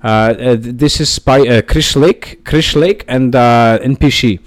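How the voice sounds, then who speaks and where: A man putting on a clumsy fake Norwegian accent for a podcast outro, halting and full of fillers. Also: lowish voice, pitched below the performer's own voice, close to an everyday voice. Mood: playful. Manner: halting, filler-heavy, bumbling mock accent. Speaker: podcast host doing outro.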